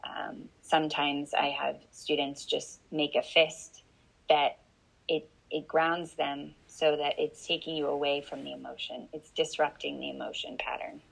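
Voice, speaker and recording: A woman coach explaining calmly as an interview guest, often checking in with "right?". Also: sits low, a little slow, vocal fry, husky, poor audio.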